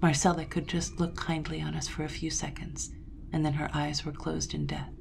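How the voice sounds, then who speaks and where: A woman reading a gothic tale aloud in a measured, dramatic way, dropping to a hush at moments. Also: low voice, level tone, vocal fry, slight background noise. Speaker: storyteller. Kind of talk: scripted narration of a gothic tale.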